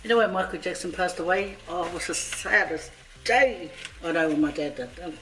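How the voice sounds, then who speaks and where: A woman's voice: lowish voice, brisk, fairly bright tone. A woman vlogger cooking in her home kitchen, chatting playfully and joking with her viewers as she goes. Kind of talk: casual cooking vlog chat. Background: faint background music.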